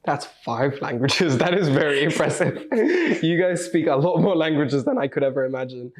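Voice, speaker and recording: A man's voice: on the high side, expressive, moderate pace. A young man hosting a casual interview, upbeat and chatty. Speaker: host.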